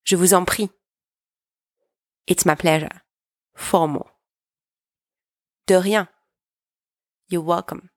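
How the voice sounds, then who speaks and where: A woman teaching a language lesson, speaking patiently and deliberately and pausing so learners can repeat each phrase. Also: on the low side, fairly even intonation, darkish tone, no echo, clean studio sound. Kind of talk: slow, clear language lesson with repeat-after-me drills.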